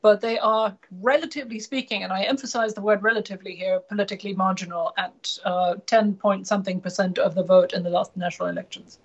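A woman from Germany, a native German speaker, answering as an interview guest in a measured, hesitant way with frequent fillers. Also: medium pitch, level tone, muffled recording. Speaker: guest analyst. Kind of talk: radio interview.

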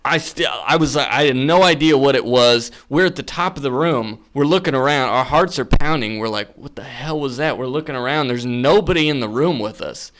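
A young man recounts a ghost story in relaxed podcast conversation. He leans on fillers and restarts, and his voice jumps when he acts out the scary moments. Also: medium pitch, brisk, hardly any pauses. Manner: animated, filler-heavy storytelling. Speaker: podcast guest. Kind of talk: casual storytelling.

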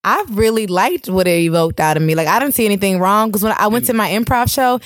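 A woman's voice: medium pitch, fast, dry recording, studio quality. A young woman from New York co-hosting a podcast, telling stories in a candid, chatty way with frequent laughs. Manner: candid, storytelling, laughs often. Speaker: podcast co-host. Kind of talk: casual chat.

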